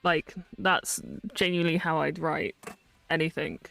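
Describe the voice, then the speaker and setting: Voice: medium pitch, fairly even intonation, a little slow, vocal fry, sharp tone, no echo, faint music behind. A streamer in their twenties, chatting casually on a live stream in a rambling, filler-heavy way with frequent laughs.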